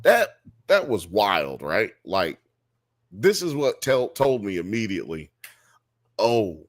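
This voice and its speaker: A man from Alabama, co-hosting a casual TV review chat in an animated, profane way. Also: on the low side, takes it slowly. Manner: animated, profane, acts out characters. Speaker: podcast co-host.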